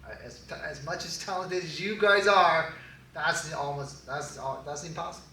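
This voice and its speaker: A man with a high, bright voice preaches a relaxed, joking sermon, laughing often between points. He sounds set back from the microphone in a roomy, echoing church hall. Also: normal speed. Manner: animated, laughing, joking asides. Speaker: pastor. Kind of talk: casual sermon. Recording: echoey hall, distant mic.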